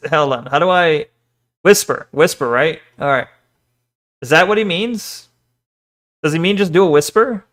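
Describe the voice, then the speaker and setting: A man's voice: on the high side, a little slow, pauses often, a bit bright. A young man streaming, casually chatting with his viewers in a jokey, self-deprecating way, swearing and laughing often. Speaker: VTuber streamer. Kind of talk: casual chat reading stream chat.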